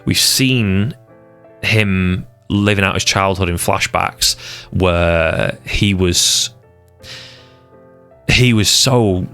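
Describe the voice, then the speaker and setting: A man with a very deep, low voice talks through a casual stream in a passionate, rambling way. He keeps restarting and repeating words as his thoughts run ahead. Soft music plays quietly behind him. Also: creaky. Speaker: streamer discussing anime arcs. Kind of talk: casual unscripted commentary.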